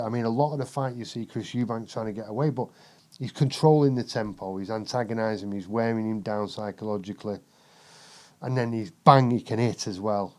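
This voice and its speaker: A British man, a podcast guest, telling boxing stories in a profane, animated casual chat. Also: mid-range voice. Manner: profane, animated, lots of swearing.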